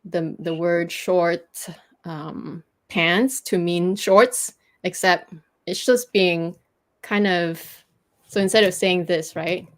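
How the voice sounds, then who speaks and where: A woman's voice: fairly low pitch, steady tone, takes it slowly. A woman whose first language is French, patiently teaching pronunciation in a casual livestream chat. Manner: patient, explains at length with restarts.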